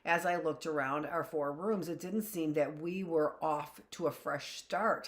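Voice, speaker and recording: A woman teacher reading a first-person novel aloud at a steady pace, with small slips and self-corrections and the odd brief aside. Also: on the low side.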